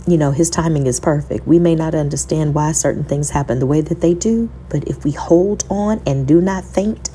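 A woman's voice: deep voice, normal speed, warm tone, a little hiss or hum. A woman podcast host telling an emotional, faith-filled personal story, talking to listeners as y'all and quoting scripture in a sermon cadence.

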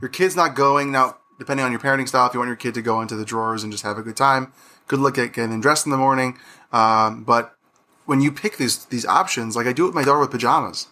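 A man hosting a podcast, telling animated stories about his young daughter and acting out their exchanges. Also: mid-range voice, fast. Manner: animated storyteller, acts out his daughter's lines. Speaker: podcast host. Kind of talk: podcast interview.

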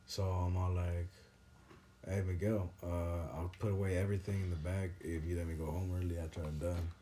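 A young man in casual podcast chat, rambling through animated, profane stories. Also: deep voice, fairly quick, a little hiss or hum. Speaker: podcast host.

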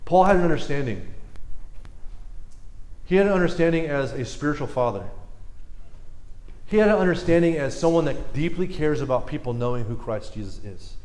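A man preaching a sermon in a casual, animated way, joking and calling on people in the room. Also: fairly high pitch, normal speed, pauses often, reverberant. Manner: casual, animated, laughs often, talks to audience members. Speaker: pastor.

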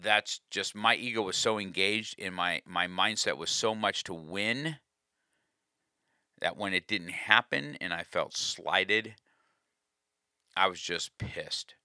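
A man's voice: low voice, takes it slowly, bright, forceful tone, no room sound, studio quality. A man telling a personal story with a life lesson, earnest and confessional, often restarting his sentences.

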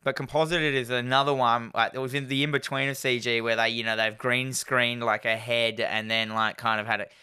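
A man's voice: mid-range voice, flat delivery, brisk, hardly any pauses, pushed and bright, clean tone. A man co-hosting a film podcast, retelling movie scenes in casual chat and acting out the characters.

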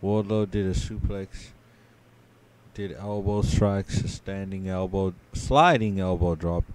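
A man co-hosting a podcast, giving a casual play-by-play recap of a wrestling match, sleepy and yawning, his voice trailing off quietly with many ums. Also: deep voice, steady tone, takes it slowly. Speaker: podcast co-host.

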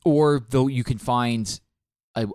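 Slow and steady, this young man's medium-pitched voice is smooth and darkish, captured in clean studio sound with no room sound. Co-hosting a podcast, he chats casually about video games in a rambling way, full of ums and restarts.

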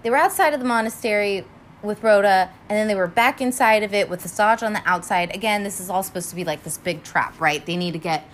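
A young woman chatting casually as she reacts to an animated film, rambling with lots of fillers and frequent swearing, sounding tired. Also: medium pitch, fast talker, a little hiss or hum. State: tired and yawning. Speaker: first-time viewer reacting to an animated film.

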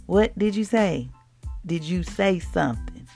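A woman's voice: fairly low pitch, lively intonation, unhurried, creaky, warm tone, faint music behind. A woman, hosting a devotional podcast in a playful, preachy way, talking straight to her listeners. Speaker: podcast host. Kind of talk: casual devotional podcast talk.

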